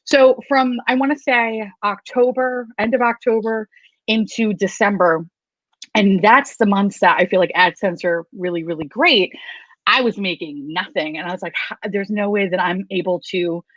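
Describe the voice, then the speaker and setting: A woman's voice: medium pitch, normal speed, fairly bright tone, no echo. A woman chatting casually as a guest on a video call, candid, swearing freely and laughing often. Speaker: guest YouTuber. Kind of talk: casual live chat. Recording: dull, lo-fi, dry sound.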